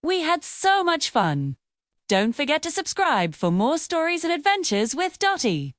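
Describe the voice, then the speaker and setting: A young woman telling a children's story and leading a listen-and-repeat English lesson in a slow, clear, cheerful and encouraging voice. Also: high voice, huge pitch swings, dry recording, clean studio sound. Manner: cheerful, encouraging, sing-song. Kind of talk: slow, clear narration for beginner learners.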